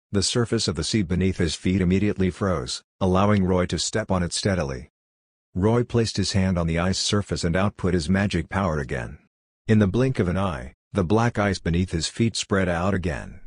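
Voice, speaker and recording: A man narrating a fantasy audiobook in an even, steady reading voice. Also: sits low, breathy edge, dry recording. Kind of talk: scripted narration.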